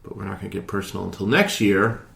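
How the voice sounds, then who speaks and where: A man's voice: sits low, fast, vocal fry, a bit bright. Snarky man in an echoey room. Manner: snarky, laughing banter. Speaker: podcast host. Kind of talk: casual chat. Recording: roomy echo.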